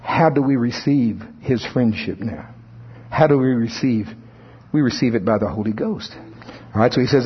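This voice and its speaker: A man preaching a sermon with a husky, slightly breathy voice at an ordinary pitch. His delivery is conversational, and he slips into the voices of churchgoers to make a point. The recording sounds dull and lo-fi. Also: moderate pace. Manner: conversational, playfully acts out congregants' voices.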